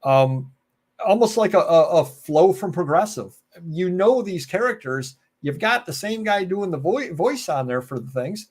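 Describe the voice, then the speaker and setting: An American man with a high-sitting, animated voice hosts a solo live stream at a moderate pace. He chats casually, jokes, answers viewer comments, and rambles off on tangents.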